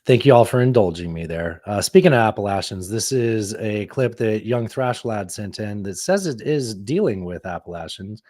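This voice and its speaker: A man in his thirties hosting a casual podcast, rambling and animated, who swears casually. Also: fairly low pitch, normal speed, hardly any pauses, dry recording. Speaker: podcast host. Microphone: studio microphone.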